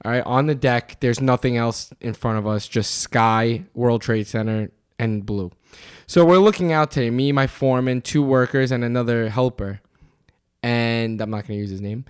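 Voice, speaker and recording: A young man on a podcast telling a story in casual chat, animated, swearing and laughing. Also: medium pitch, normal speed, clear, resonant tone. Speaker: podcast guest.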